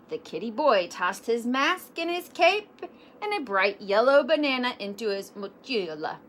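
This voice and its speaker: A woman reading a children's picture book aloud, animated, with self-deprecating asides. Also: fairly high pitch, a little slow. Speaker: storybook reader.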